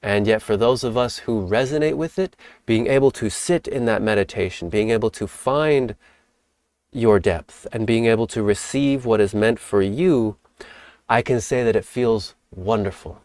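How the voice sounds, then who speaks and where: A man hosting a spiritual teaching talk, speaking in a calm, reflective way and sometimes acting out playful examples. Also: on the low side, normal speed, no echo, studio quality. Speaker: host.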